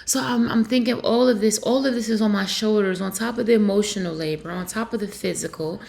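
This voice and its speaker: A young mother from Pennsylvania speaking in a confessional vlog, emotional and halting, with many fillers. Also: medium pitch, gravelly, darkish tone. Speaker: vlogger and mother.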